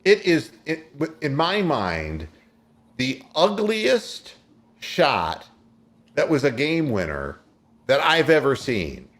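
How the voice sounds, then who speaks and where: A sports radio host in casual talk, retelling games play by play like a storyteller. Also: male voice, mid-range voice, huge pitch swings, slow, fairly bright tone.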